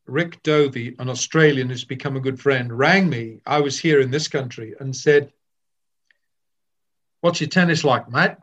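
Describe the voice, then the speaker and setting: An older man, a veteran sports broadcaster, telling self-deprecating stories in an interview. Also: mid-range voice. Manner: anecdotal and self-deprecating, with frequent restarts. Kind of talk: reflective interview storytelling. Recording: slightly dull lo-fi sound.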